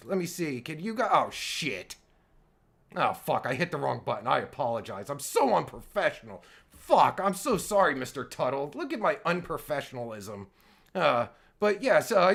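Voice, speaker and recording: A man's voice: fairly high pitch, creaky, a bit bright, breathy edge. A man giving sarcastic, taunting commentary as a podcast guest, swearing heavily and mocking his host.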